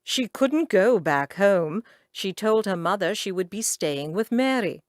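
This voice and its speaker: A woman reads a romance audiobook with a dramatic, expressive delivery. Her pitch rises and falls widely while she keeps an unhurried pace. The recording is dry and close. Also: no echo. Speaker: audiobook narrator. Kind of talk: scripted audiobook narration.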